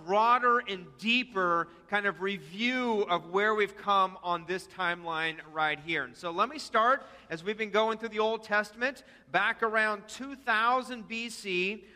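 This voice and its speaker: A man's voice: high voice, bright, forceful tone. A senior pastor giving a conversational sermon to his congregation, with fillers and calls to repeat after him. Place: church sanctuary. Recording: long hall reverb.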